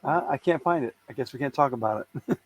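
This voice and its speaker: A man's voice: medium pitch, fast talker, low-quality recording. A middle-aged man co-hosting a casual news chat, joking, swearing and laughing as he goes. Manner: joking and profane, laughs often. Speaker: co-host.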